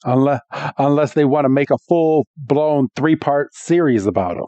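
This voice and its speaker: A man co-hosting a podcast, narrating cartoon battles with animated storytelling and quick laughs. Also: on the high side, no room sound, muffled recording. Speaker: podcast co-host. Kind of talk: casual episode recap chat.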